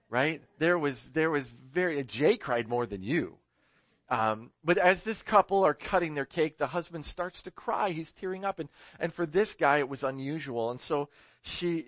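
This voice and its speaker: A man's voice: fairly high pitch, expressive, normal speed, fairly bright tone, no room sound. A man preaching a sermon, casual and rambling, often correcting himself and laughing along with his own story. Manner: rambling, self-correcting, chuckling. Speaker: pastor.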